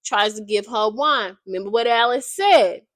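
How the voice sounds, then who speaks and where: A woman giving a casual, slangy, animated recap of a book as a video creator. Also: a little high, normal speed, no room sound.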